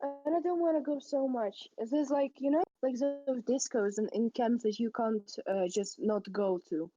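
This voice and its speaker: A young woman talks casually on a stream, her speech hesitant and full of fillers. Her voice sits a bit high, and the audio is dull and lo-fi, like voice chat. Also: fairly even intonation, normal speed. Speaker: stream guest.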